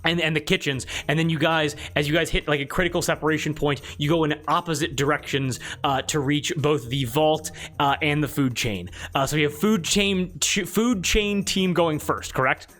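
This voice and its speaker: A man's voice: a little high, moderate pace, hardly any pauses, a bit bright, soft background music. A man narrating as game master of a tabletop game, rambling with lots of filler words. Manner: rambling, filler-heavy with many "like"s.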